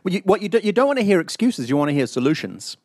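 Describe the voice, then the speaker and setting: A man hosting a casual podcast chat, telling stories in a profane, animated way. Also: sits high, rapid-fire, no room sound, studio quality. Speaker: podcast host. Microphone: online call mic.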